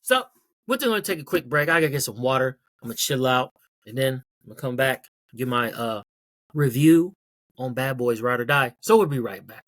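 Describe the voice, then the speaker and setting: A man's voice: medium pitch, expressive, brisk, a bit bright. A man hosting his own podcast in a casual solo rant, blunt and profane, repeating points for emphasis. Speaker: podcast host.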